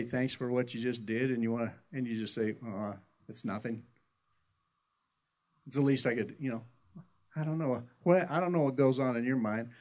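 A man's voice: mid-range voice, a little mellow. A middle-aged man preaching a sermon in a conversational, folksy storytelling way, often restarting his sentences. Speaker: pastor.

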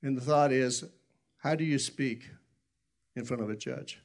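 A man's voice: medium pitch, steady tone, unhurried, creaky. A man preaching a sermon in a folksy, rambling storytelling way, often correcting himself and chuckling. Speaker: pastor.

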